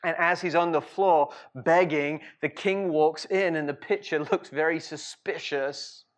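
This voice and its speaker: A man preaching a sermon as a lively storyteller, with frequent laughs and rhetorical asides. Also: a little high, a little slow. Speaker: pastor.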